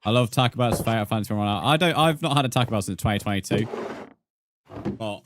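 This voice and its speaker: A man's voice: lowish voice, fast, noisy background. Chatty man streaming. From England. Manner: rambling, chatty, reads and answers viewer comments. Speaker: game streamer. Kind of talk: casual live-stream chat.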